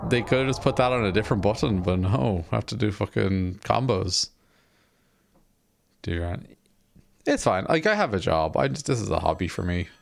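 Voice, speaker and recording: A man's voice: on the low side, expressive, normal speed, vocal fry, slight background noise. A man casually chatting on a live stream while playing a game, rambling, self-deprecating and swearing offhand.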